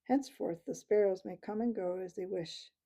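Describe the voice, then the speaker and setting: A woman reading the part of a dying old male abbot mouse, speaking slowly and tenderly. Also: mid-range voice, warm tone, lightly acted. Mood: gentle, fatherly. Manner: slow, tender, fatherly.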